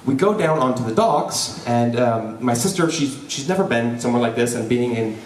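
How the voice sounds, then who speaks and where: A young man telling a personal story live before an audience, lively and joking, with frequent "right?" asides to the crowd. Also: mid-range voice, normal speed, slight background noise. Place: event hall before an audience. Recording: roomy hall, voice from a distance.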